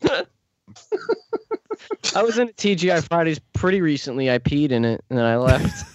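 A man co-hosting a casual podcast, tossing in jokes and quick quips. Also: on the high side, big pitch swings, no echo. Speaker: podcast co-host. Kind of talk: casual chat.

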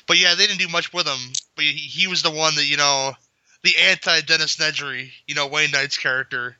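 A laid-back, teasing man chatting about movies and swearing freely. His voice is very bright and edgy, a touch higher than most men's, and the recording is dry, close, and dull lo-fi. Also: fairly even intonation, fairly quick, smooth, no room sound. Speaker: podcast co-host. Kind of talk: casual movie-talk chat.

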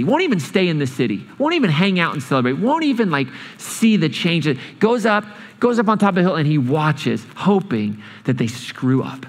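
A man preaching a sermon, storytelling with lively changes of speed and emphasis in a church hall. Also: a little high. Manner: animated storytelling, speeding up and slowing down. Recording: long hall reverb.

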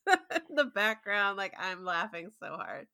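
Bright-voiced giggly woman. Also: mid-range voice, very animated, a little slow, no room sound, clean studio sound. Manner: giggly, exclaims often. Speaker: podcast co-host. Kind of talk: casual chat.

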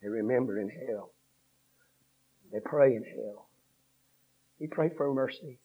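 A man preaching a revival sermon, swinging from hushed storytelling to shouted 'uh'-punctuated cadences. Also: medium pitch, measured pace, husky. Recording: dull lo-fi sermon recording.

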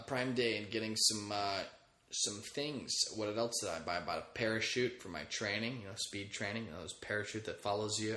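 This thirtysomething podcast host delivers a loose, crude solo ramble packed with jokes and free swearing. Though his pitch sits a bit low, he sounds bright and forceful, and the room echoes around him.

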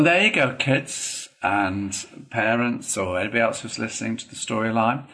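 A man with a lower-than-average voice reads a classic children's tale aloud. His narration is measured and even, with an unhurried storytelling pace. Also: low-quality recording. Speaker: reader.

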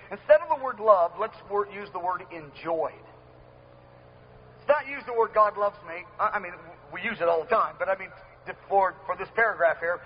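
A man preaching a sermon to a live audience in an earnest, emphatic way, repeating key phrases. His voice sits very high for a man. The recording is dull and lo-fi with a faint hiss.

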